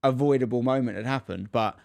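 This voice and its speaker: A man's voice: medium pitch, fairly quick, vocal fry, no room sound, clean studio sound. A man co-hosting a casual podcast chat, telling a story and acting out the people in it. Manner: animated storyteller acting out quotes. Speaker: podcast co-host, dad.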